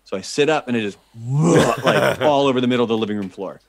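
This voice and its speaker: A man co-hosting a podcast, telling a story in an animated way and laughing as he goes. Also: medium pitch, fairly quick, creaky, no room sound. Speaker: podcast co-host. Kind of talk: casual storytelling chat.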